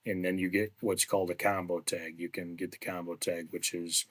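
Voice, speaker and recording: Male podcast host, very low voice, relaxed and chatty interviewer. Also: fairly quick. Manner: relaxed, chatty, conversational questions. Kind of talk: casual interview chat.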